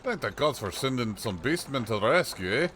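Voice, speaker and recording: A man's voice: medium pitch, very animated, brisk, a bit bright, slight background noise. A man voicing a chatty old male peddler with a put-on rustic accent and a folksy, rambling way of talking. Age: older. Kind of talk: reading game dialogue aloud on a livestream.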